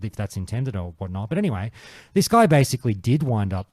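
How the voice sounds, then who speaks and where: A man's voice: lowish voice, big pitch swings, fast talker, a little mellow, dry recording, clean studio sound. A man hosting a casual gaming podcast panel, swearing freely and telling stories with animation. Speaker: podcast host.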